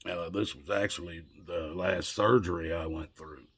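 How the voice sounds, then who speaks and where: A man's voice: low-pitched, steady tone, normal speed, slightly rough. A man telling a personal story in a rambling, conversational way, with many restarts. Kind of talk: casual storytelling to camera.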